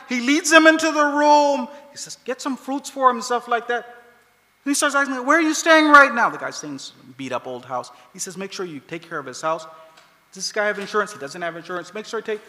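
Male preacher, storytelling sermon, very high and lively voice. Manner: animated, acts out quoted voices. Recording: long hall reverb.

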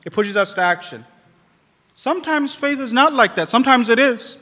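A man preaching a sermon to a congregation, animated and quoting Arabic scripture. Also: very high-pitched, moderate pace, in a large hall. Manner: animated, acts out quoted dialogue.

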